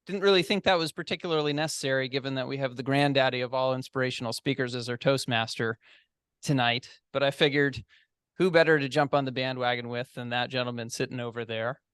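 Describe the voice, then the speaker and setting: A man's voice: mid-range voice, fairly even intonation, quick pace, fairly bright tone, smooth, no echo, clean studio sound. A man, nasal from allergies, giving a candid, self-deprecating and reassuring inspirational speech at a speaking club. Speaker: club member giving the opening. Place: club meeting room.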